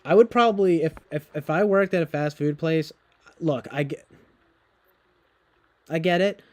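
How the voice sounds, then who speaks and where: A man's voice: on the high side, a little slow. A young man streaming, chatting casually in a rambling, profane way and laughing often.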